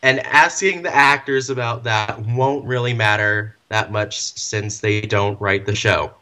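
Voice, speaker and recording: A man's voice: fairly low pitch, fairly even intonation, measured pace, pushed and bright. A man hosting a fan podcast, reading listener questions aloud in an easygoing way and laughing often. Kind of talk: casual chat.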